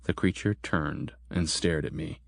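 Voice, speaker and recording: A man narrating a horror audiobook in a steady, measured storytelling manner. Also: a bass voice, gravelly, no room sound, clean studio sound.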